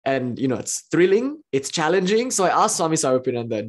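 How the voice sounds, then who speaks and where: Animated, laughing spiritual lecturer. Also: mid-range voice, fast, hardly any pauses. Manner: animated, enthusiastic storytelling with frequent laughs; swings between excited exclamations and hushed asides. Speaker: spiritual teacher. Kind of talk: philosophy lecture.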